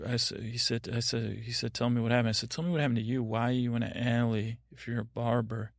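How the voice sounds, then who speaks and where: Creaky, flat-voiced man telling a rambling bedtime story. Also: medium pitch, fast talker, dry recording, studio quality. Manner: meandering, absurd, self-interrupting. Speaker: podcast host.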